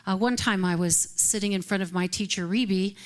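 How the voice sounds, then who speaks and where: A woman's voice: medium pitch, fairly quick. A woman minister giving a casual live sermon, chatty and light, often laughing between phrases. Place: live service at a spiritual center.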